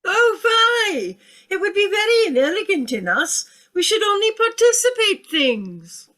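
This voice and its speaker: A woman's voice: very high voice, very animated, a little slow, bright, forceful tone, exaggerated voice. A woman as a pompous, word-mangling aunt. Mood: grand. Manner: affected, grandly theatrical. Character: pompous older aunt who mangles big words. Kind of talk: stage comedy acting.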